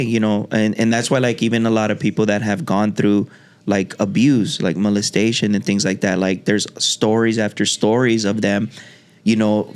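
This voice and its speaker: A man's voice: lowish voice, clear, resonant tone. A man hosting a podcast, talking reflectively in a casual conversation with many restarts. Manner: reflective, talks in halting restarts. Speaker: podcast host.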